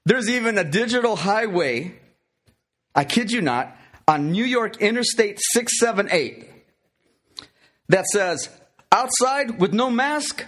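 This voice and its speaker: Chatty, animated male pastor. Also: high-pitched, measured pace, long pauses. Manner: chatty, many fillers and restarts, playful. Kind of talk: conversational sermon.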